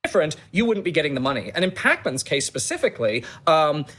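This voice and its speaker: Husky man with an affected delivery. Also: a little high, very animated, quick pace, a bit bright. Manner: affected, artificial-sounding delivery. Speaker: interviewer. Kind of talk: interview.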